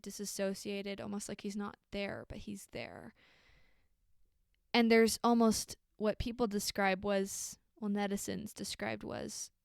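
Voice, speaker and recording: Woman podcast host, casual true crime storyteller, smooth clear voice, dry close sound, chatty with ums. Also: mid-range voice, no echo. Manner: conversational, with frequent ums and likes.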